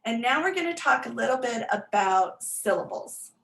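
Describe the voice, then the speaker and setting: A woman's voice: a little high, expressive, moderate pace, creaky, fairly bright tone, echoey room, low-quality recording. A woman teacher giving an informal online workshop on reading skills, chatty and full of fillers and restarts as she sounds words out. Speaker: literacy teacher presenting a workshop.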